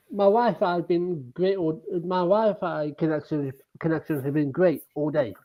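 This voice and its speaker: A man co-hosting a casual livestream chat, speaking hesitantly, with halting restarts. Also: a little high. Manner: hesitant, halting, repeats words. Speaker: co-host. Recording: dull lo-fi sound.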